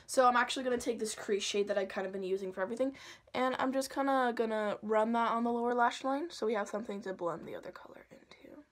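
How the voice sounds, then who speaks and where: A young woman chatting casually and playfully through a makeup tutorial at home, sometimes dropping to soft asides. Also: a little high, fast. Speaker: makeup vlogger.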